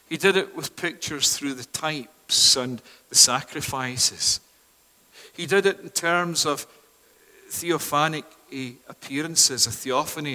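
A man preaching a sermon from a pulpit, shifting from loud proclamation down to hushed, near-whispered appeals. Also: fairly high pitch. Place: church. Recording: long reverb of a large hall.

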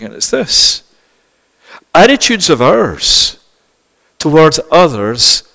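A man delivers a sermon in an earnest, emphatic way, repeating his key points for weight. His voice sits a little high for a man. The sound carries a long reverb, as if from a church hall. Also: fairly bright tone. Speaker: preacher.

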